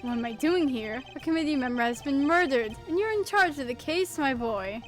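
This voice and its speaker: A woman's voice: high-pitched, animated, brisk, faint music behind. A woman voicing a sentimental, doting elderly man in a game read-through, speaking theatrically.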